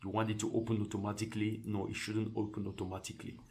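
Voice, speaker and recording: A man casually walking through a software tutorial, thinking aloud and restarting phrases as he clicks through settings. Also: on the low side, level tone, racing. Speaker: tutorial presenter. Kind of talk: casual screen-share tutorial.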